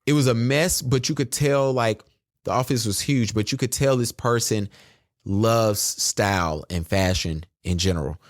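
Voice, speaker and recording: A man on a podcast as a guest, telling a story in an animated, chatty way and addressing listeners as y'all. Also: on the low side, normal speed, dry recording, studio quality. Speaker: guest photographer.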